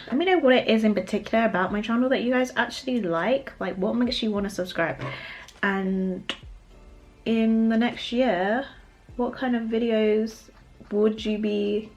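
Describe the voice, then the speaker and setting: A young woman with a British accent chatting casually while doing her makeup, laughing often. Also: medium pitch. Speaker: beauty vlogger. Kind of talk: get-ready-with-me makeup chat.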